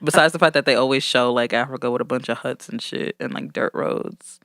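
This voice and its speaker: A woman co-hosting a podcast in casual chat, sassy, with quick retorts. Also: very deep voice, a bit bright, dry recording, clean studio sound. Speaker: podcast co-host.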